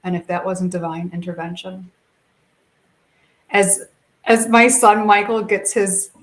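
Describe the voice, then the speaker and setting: A woman's voice: medium pitch, a little slow. A middle-aged woman guest telling personal stories with feeling, acting out what people said. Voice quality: expressive, animated storyteller who acts out quotes. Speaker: guest, speaker and coach. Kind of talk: emotional personal storytelling.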